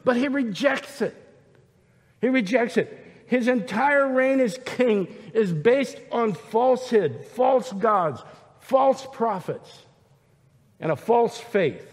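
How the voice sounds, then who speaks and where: Man preaching, high voice, emphatic, long hall reverb. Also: expressive, measured pace. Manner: emphatic, retells scripture scenes with voices. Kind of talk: sermon.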